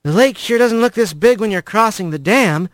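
A man's voice: high voice, animated, moderate pace, no room sound, studio quality, pitched above the performer's own voice. A man voicing a nervous young male rat working as a new deckhand in a storybook reading. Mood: unsteady. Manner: hesitant.

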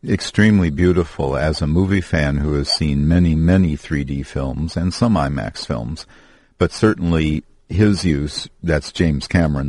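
A man hosting a movie review chat in a measured, declarative way. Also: a bass voice, a little mellow, no room sound. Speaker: host.

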